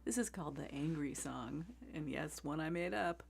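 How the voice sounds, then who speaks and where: A woman's voice: deep voice, moderate pace, vocal fry, darkish tone. A middle-aged woman hosting a casual livestream between songs, chatty and rambling, greeting viewers by name and laughing often. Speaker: singer-songwriter host.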